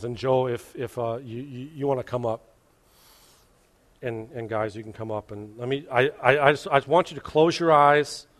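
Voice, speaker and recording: A male pastor preaching a sermon at a church service, earnestly asking the congregation question after question, swinging from loud to hushed. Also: medium pitch.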